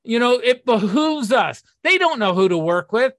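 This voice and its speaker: A man's voice: extremely high pitch, expressive, normal speed, dry recording. A man giving a blunt, profane talk on recovery and sponsorship, acting out the people he quotes.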